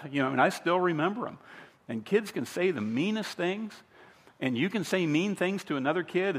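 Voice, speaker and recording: A man's voice: a little high, fairly bright tone. A middle-aged man, a pastor, delivering a sermon in a conversational storytelling way, often restarting his sentences.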